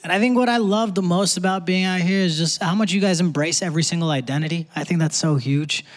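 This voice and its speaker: A man's voice: high voice, fast talker. A man performing a stand-up comedy set on a theater stage, talking in a punchy, conversational way with asides to the crowd. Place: theater stage before a live audience. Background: audience laughter and faint room noise.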